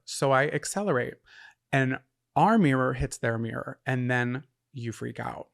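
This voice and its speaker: A young man co-hosting a casual podcast, telling a story with lively back-and-forth and acting out both sides. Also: mid-range voice, moderate pace, vocal fry. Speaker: podcast co-host. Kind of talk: casual chat.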